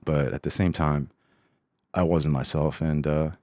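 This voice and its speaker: Very deep-voiced casual man. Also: fairly even intonation, a little slow, dark tone, dry recording, clean studio sound. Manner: rambling, self-deprecating, laid-back. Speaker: podcast host. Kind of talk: casual solo podcast chat.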